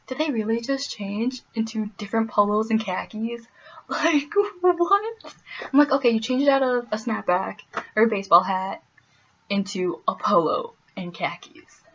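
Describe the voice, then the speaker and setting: A woman's voice: mid-range voice, moderate pace, husky, lo-fi sound. Chatty young woman from Wisconsin. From Wisconsin, US Midwest. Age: young adult. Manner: animated, laughing often, playful asides. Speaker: vlogger. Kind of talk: casual storytelling vlog.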